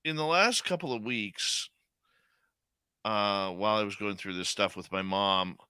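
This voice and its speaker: A man's voice: on the low side, unhurried, sharp tone, clear, resonant tone, dry recording. A man hosting a live radio show, chatting casually and joking as he greets listeners in the chat by name.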